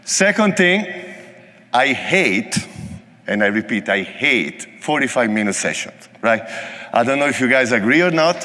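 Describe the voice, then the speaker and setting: An Italian-accented man gives a technical talk in a large conference hall, and his voice carries a long, echoing reverb. He speaks with a bright, forward tone and keeps things casual and joking. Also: mid-range voice, big pitch swings, a little slow, a little hiss or hum. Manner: joking, conversational. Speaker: conference presenter.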